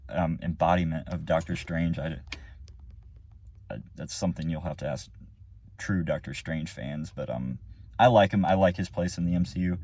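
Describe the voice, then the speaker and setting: A man's voice: deep voice, mellow, slight background noise. A man giving a casual, rambling spoken movie review, full of fillers and restarts. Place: car or room after the movie.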